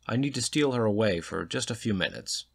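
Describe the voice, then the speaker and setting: Male reader playing an easygoing, reassuring host with a low voice. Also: animated, brisk, vocal fry, breathy edge, full character voice. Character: man, host of the gathering, reassuring.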